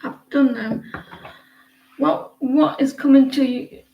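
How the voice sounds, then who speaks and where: Woman, tarot reader, casual live reading, hesitant, lots of fillers and restarts, slightly high voice, dull lo-fi sound. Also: fairly even intonation, slow, gravelly, a little hiss or hum.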